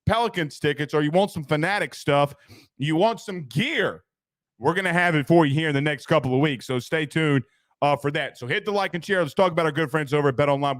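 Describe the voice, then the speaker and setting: Guy hosting a sports talk show, kinda high voice, rambly and fired up, dry close sound. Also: no echo. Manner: excitable, rambling, laughs at own jokes.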